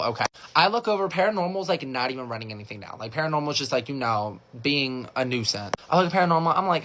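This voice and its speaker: A young man rattles through a storytime at a quick clip, his voice bright and forward. He keeps it casual, says "like" constantly, and jumps up high when he acts out what people said. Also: expressive, slight background noise. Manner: filler-heavy with lots of "like". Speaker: storytime creator.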